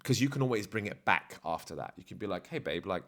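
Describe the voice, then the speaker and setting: A man with a lowish voice gives dating advice in a casual vlog. He talks bluntly, with slang and easy self-assurance. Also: animated, fast, vocal fry, a bit bright. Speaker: dating coach.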